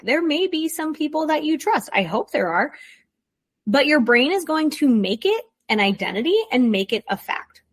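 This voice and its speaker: A young adult woman hosting a podcast, giving casual, encouraging advice with quick asides. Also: on the high side, fairly bright tone. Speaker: podcast host, coach.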